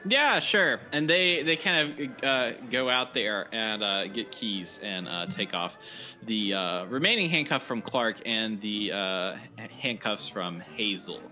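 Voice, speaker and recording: A man narrates a tabletop game as its game master. His pitch swings in a lively way as he rambles, stalling on fillers and restarts. Music plays clearly underneath. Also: measured pace. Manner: rambling, hesitant with many fillers.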